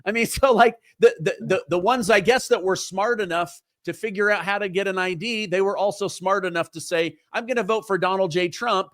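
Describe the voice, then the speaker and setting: A man hosting a political talk show, asking questions in an animated way and acting out the voices he quotes. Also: high-pitched, fairly quick, few pauses, no echo, clean studio sound. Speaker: host.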